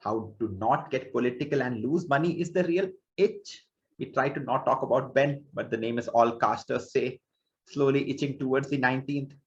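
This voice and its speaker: A man's voice: medium pitch, moderate pace, highs cut off. A man from India co-hosting a casual podcast, hesitant and often restarting his sentences. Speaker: podcast co-host.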